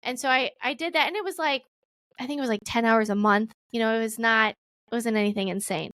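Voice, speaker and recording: Woman, 30s, podcast guest; casual and animated, voices her past self with big pitch swings; dry recording. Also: a little fast, no room sound. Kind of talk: casual storytelling interview.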